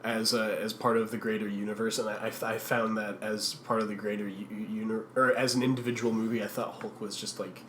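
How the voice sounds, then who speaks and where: A man's voice: lowish voice, flat delivery, brisk, hardly any pauses, a bit bright, slight background noise. A man co-hosting a podcast in casual chat, rambling and searching for his words. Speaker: podcast co-host. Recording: roomy echoey recording.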